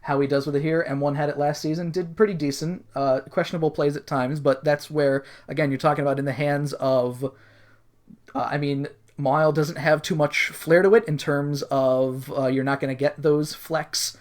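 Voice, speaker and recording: A man's voice: on the high side, steady tone, normal speed. A young man hosting a casual online draft, announcing picks with hype and frequent laughter. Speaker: draft host.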